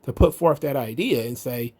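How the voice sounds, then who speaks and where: A man's voice: medium pitch, normal speed, warm tone, husky. A man hosting his own commentary show, talking casually with blunt, sarcastic and profane remarks. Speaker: host of a wrestling commentary show.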